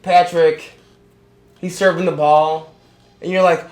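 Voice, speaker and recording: A young man with a slightly high voice, rambling loosely and swearing freely as he recaps a film. He gets animated in bursts. Faint music plays underneath. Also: measured pace, pauses often. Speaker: movie reviewer. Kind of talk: casual rambling film review.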